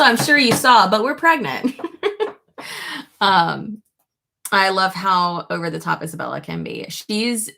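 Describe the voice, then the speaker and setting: A young woman with a lowish, gravelly fry talks casually to camera. Her manner is chatty and loose, with profanity and giggles slipped between asides. She sounds like a beauty creator catching up with her viewers. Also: fairly bright tone. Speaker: beauty YouTuber.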